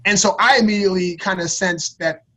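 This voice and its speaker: A man's voice: sits high, fairly quick, bright, forceful tone. A man in his thirties, a podcast guest, telling a personal story in a casual, slangy way, often repeating his words as he goes.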